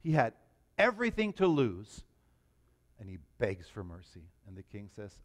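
A pastor preaching a sermon in a church, talking in an animated, emphatic way. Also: male voice, on the low side, normal speed. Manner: animated, emphatic, rising to stress points.

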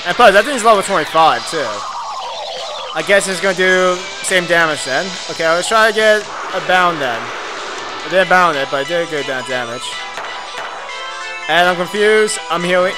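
A man giving casual, excitable commentary while he plays a video game, swearing now and then. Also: high-pitched, normal speed, music in the background. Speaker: let's play host. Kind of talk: gameplay commentary.

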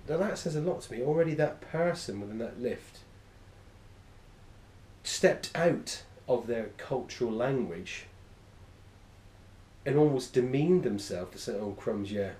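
A man's voice: mid-range voice, animated, unhurried, pauses often, darkish tone. A man teaching a class, enthusiastic and rambling, often correcting himself mid-sentence. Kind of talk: classroom lecture. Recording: echoey room.

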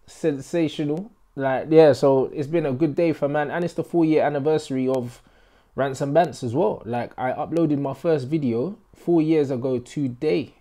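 Slangy young man, mellow voice. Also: fairly high pitch, normal speed. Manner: excitable, slang-heavy banter. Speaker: football fan vlogger. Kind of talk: casual match reaction vlog. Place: indoor room in a flat being moved out of.

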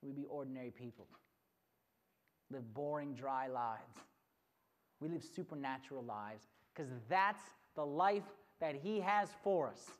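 Lively storytelling retreat preacher. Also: mid-range voice, unhurried. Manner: lively, animated storyteller who acts out the characters. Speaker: retreat speaker. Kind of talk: storytelling sermon.

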